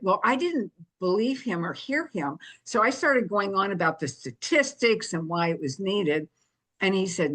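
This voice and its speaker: A woman's voice: mid-range voice, lively intonation, normal speed, fairly bright tone. An older woman telling her story in an interview, animating it by acting out the dialogue she quotes. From United States. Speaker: guest, activist founder.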